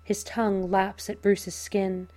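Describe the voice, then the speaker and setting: A woman narrating a fan fiction audiobook in a measured, unhurried storytelling manner. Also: mid-range voice, little pitch movement, warm tone.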